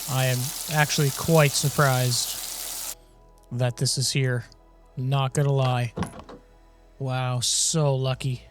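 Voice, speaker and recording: A man giving casual gameplay commentary, rambling and joking with lots of fillers. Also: medium pitch. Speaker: game video creator.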